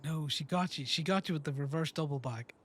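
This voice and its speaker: A man's voice: fairly high pitch, fairly quick. A man in a role-play chat, dropping dry, teasing remarks as he listens. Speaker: fellow role-player listening.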